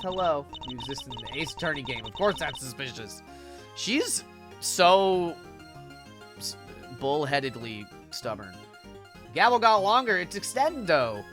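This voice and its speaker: Streamer, casual and giggly, acts out game dialogue; very animated pitch, bright tone, faint music under. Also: measured pace. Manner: playful, giggly, reads character lines with put-on voices. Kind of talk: casual gameplay commentary reading dialogue aloud.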